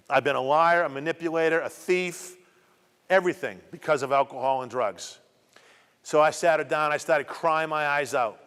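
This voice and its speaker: A man's voice: fairly high pitch, moderate pace, a bit bright, clean tone. A middle-aged man giving a personal testimony talk to students, telling his story emphatically with much repetition. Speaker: guest speaker. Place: community program hall. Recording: long hall reverb.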